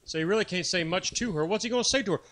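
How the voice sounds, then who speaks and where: High-pitched opinionated male co-host. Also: rapid-fire. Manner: opinionated, animated. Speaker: radio co-host. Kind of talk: casual radio chat.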